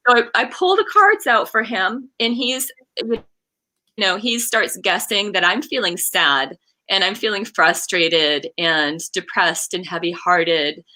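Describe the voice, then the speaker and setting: A woman's voice: mid-range voice, animated, unhurried, bright, forceful tone. A woman in her forties, a coach, telling a heartfelt personal story in an interview and acting out the quoted lines. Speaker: guest, coach and card game creator.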